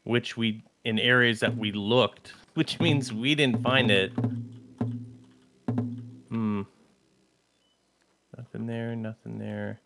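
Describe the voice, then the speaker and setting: A man's voice: medium pitch, steady tone, creaky, sharp tone, slight background noise. A man co-hosting a gaming channel, chatting casually during a zombie game and repeating short phrases. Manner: slow, laid-back, repeats short phrases. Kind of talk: casual gameplay chat.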